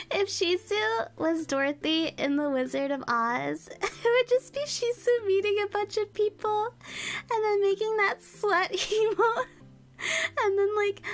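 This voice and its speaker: A woman streamer reading a storybook aloud in ASMR style, breaking off to giggle and chat playfully with viewers over a close microphone. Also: very high voice. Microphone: close ASMR mic. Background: soft background music.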